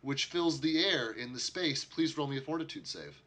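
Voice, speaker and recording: A man narrating as game master of a tabletop game, relaxed and chatty as he describes the scene. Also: medium pitch, moderate pace.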